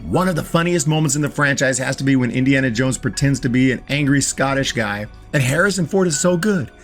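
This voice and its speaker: A man's voice: medium pitch, lively intonation, a little fast, music in the background. A man giving a casual, enthusiastic film review, often stumbling and repeating words as he talks. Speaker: movie reviewer.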